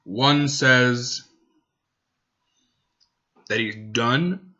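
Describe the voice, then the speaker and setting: A man's voice: medium pitch, extremely slow, bright, forceful tone, lo-fi sound. A man hosting a casual sports podcast, rambling and correcting himself as he goes. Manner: rambling, self-correcting, talks to his dog. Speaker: podcast host.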